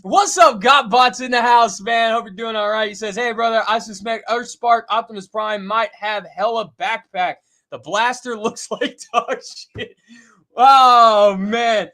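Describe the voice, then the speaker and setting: A man hosting a casual live stream, reading out viewer comments in an excitable way, laughing often and filling pauses with "uh". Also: very high-pitched. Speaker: host reading viewer chat.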